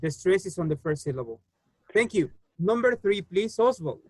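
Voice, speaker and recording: Teaching English online, this native-speaking man walks students through answers in a patient, unhurried way, leaning on many fillers. His slightly high voice has a sing-song lilt, and the recording is close and dry, free of room echo.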